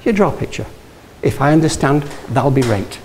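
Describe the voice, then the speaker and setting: A man's voice: medium pitch, expressive, fairly quick, darkish tone, in a large hall, slight background noise, close to an everyday voice, rough recording. A man voicing a blunt but kind older technical college teacher with a Yorkshire accent.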